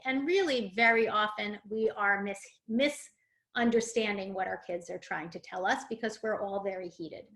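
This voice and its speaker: A woman's voice: on the high side, fairly even intonation, normal speed, fairly bright tone. A woman presenting a parenting webinar, explaining things with fillers and acting out example phrases. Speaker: parent coach.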